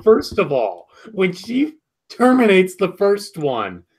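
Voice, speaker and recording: A man co-hosting a casual episode review, excitable and quick to laugh and swear. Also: sits high, gravelly, slightly rough. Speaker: podcast co-host.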